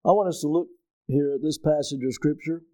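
A middle-aged male pastor preaches with a mellow voice pitched a little high. He presses his points, asks the congregation questions, and surges loud when he drives a point home. The sound is close and dry. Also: brisk, no room sound. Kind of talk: preaching a sermon.

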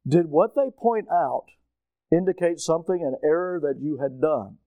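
A middle-aged male preacher telling a personal story in a sermon, animated, moving from quiet asides to loud shouting, his throat strained. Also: fairly high pitch, normal speed, dry recording, phone-quality sound.

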